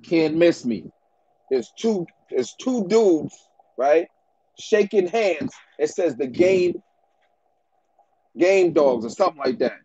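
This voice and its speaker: A man's voice: fairly high pitch, lively intonation, slow, long pauses, dark tone, husky, no room sound, lo-fi sound. A man who breeds dogs, giving business advice in a casual rant to the camera, slangy and repetitive, often ending lines with "bro" and "man".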